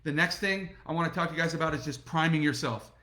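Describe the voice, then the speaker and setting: A middle-aged man giving an energetic motivational talk to camera and speaking straight to his viewers. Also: on the high side, fast, echoey room. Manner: energetic, repetitive, addresses viewers directly. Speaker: network marketing motivational speaker.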